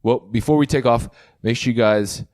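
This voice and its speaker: A man's voice: mid-range voice, moderate pace, a little mellow. A man hosting a podcast, chatting in an easygoing way and signing off heartily. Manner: easygoing, hearty sign-offs. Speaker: podcast host. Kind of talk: casual chat.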